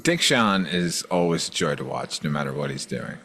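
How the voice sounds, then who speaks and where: Deep-voiced man, lively delivery. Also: moderate pace, breathy edge. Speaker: podcast co-host. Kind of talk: casual chat reviewing a TV episode.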